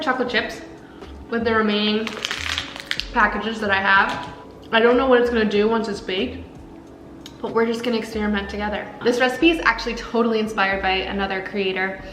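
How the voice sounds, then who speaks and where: A woman's voice: a little high, fairly bright tone, echoey room, slight background noise, low-quality recording. A young woman casually chatting through a cooking and eating vlog, upbeat and full of filler words. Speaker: food vlogger.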